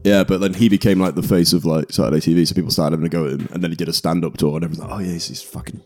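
A young man co-hosting a casual comedy podcast, laughing often and telling animated stories. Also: deep voice, racing, soft background music. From Britain. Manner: laughs a lot, animated storytelling with put-on character voices. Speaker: podcast co-host.

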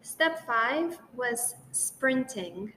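Slow, playful woman reading a storybook. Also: a little high, lively intonation, pushed and bright, slight background noise. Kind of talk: storybook read-aloud.

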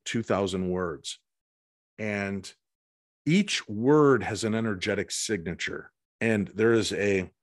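Low-voiced man telling a lively story. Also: dry recording, clean studio sound. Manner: animated anecdote-teller, acts out voices and lines. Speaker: guest, paranormal investigator. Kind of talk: casual storytelling interview.

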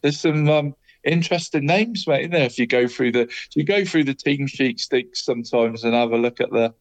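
A man's voice: mid-range voice, normal speed. Rambling man saying "mate" constantly. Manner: rambling, says "mate" and the other's name after nearly every phrase. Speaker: co-host giving local football results. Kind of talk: casual podcast chat.

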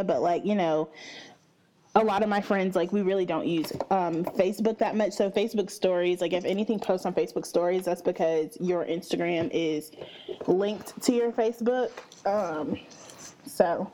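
Mellow-voiced chatty woman in her twenties. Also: mid-range voice, poor audio. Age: 20s. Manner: chatty, upbeat, with frequent fillers and slow stretched greetings. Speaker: podcast host. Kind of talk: casual solo podcast chat.

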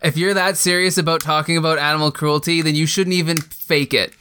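A man's voice: fairly high pitch, steady tone, brisk, sharp tone, a little hiss or hum. A man chatting as a podcast guest, rambling and hesitant, with many fillers. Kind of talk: casual interview chat.

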